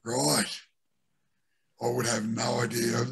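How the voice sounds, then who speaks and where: A man's voice: medium pitch, slow pace, creaky, slightly rough. A middle-aged Australian former rugby league player telling stories from his career in a casual interview, re-enacting what teammates said. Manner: animated anecdotes with re-enacted quotes.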